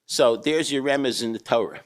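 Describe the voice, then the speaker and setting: An older rabbi giving a humorous storytelling talk, with a wry manner and acted-out characters. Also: male voice, medium pitch, moderate pace. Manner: wry, anecdotal, acts out characters. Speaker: rabbi and eruv builder speaking.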